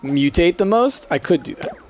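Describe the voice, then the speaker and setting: A man's voice: high-pitched, lively intonation, moderate pace, faint music behind. A man casually commenting on a game while streaming, chatty, laughing often and talking to the pets on screen.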